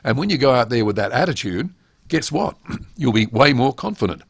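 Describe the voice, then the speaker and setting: A man's voice: mid-range voice, big pitch swings, a little fast, a little hiss or hum. A middle-aged man giving a webinar lecture on public speaking, emphatic and full of rhetorical questions.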